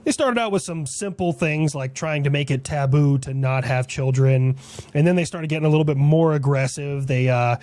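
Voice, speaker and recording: A man's voice: medium pitch, a little mellow, dry recording. A man as brash crude Uncle Sam. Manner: blunt, crude, gossipy. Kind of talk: comedy sketch.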